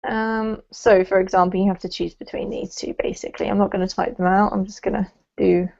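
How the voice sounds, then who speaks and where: A woman's voice: mid-range voice, flat delivery, fairly quick, vocal fry, a little mellow. A woman teaching English pronunciation in an online class, patient and encouraging, explaining sounds with careful emphasis. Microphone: video call. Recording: dull lo-fi video call audio.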